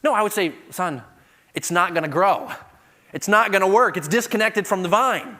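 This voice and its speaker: Middle-aged man preaching in a large hall, slightly high voice, builds to loud emphatic passages. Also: normal speed. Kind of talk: sermon.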